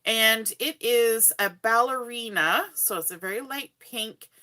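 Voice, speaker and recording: A woman from Canada chats her way through a live card-making tutorial, her voice bright and a touch high. She talks casually to viewers as she folds and cuts at home. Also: unhurried. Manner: chatty, friendly, greets viewers by name. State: hiccups. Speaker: crafting livestream host.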